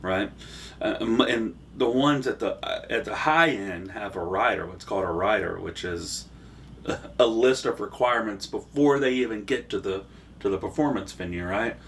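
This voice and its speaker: A man co-hosts a casual podcast in a fairly low voice. He talks in an easygoing, conversational way, giving examples at an unhurried pace. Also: a little hiss or hum. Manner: relaxed, conversational, frequent agreeing. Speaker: podcast co-host.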